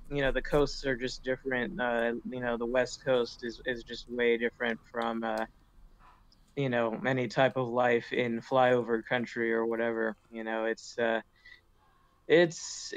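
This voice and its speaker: Hesitant man with a smooth flat voice. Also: medium pitch, no room sound, low-quality recording. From Wisconsin. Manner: hesitant, many fillers. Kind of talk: casual political chat.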